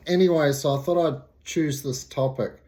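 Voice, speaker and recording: A man's voice: a little high, steady tone, moderate pace, a little mellow. A middle-aged man from New Zealand, a martial arts instructor, talking casually to camera, nasal from a cold and rambling with many fillers.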